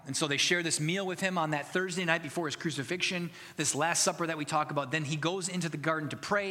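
A man's voice: a little high, bright, forceful tone, big-room sound. A man preaching a sermon as pastor, earnest and conversational, building to emphatic passages.

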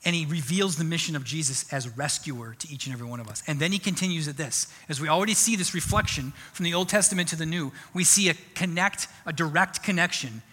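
A man preaching a sermon in a conversational, animated way. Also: on the high side, slightly rough. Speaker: pastor. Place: church sanctuary. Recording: long church hall reverb.

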